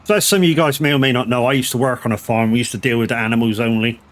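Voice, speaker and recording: A man's voice: medium pitch, steady tone, very fast. A middle-aged man, chatting casually and telling rambling, profanity-laced stories while streaming a farming game. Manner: rambling, swears freely, anecdotal. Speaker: gaming streamer.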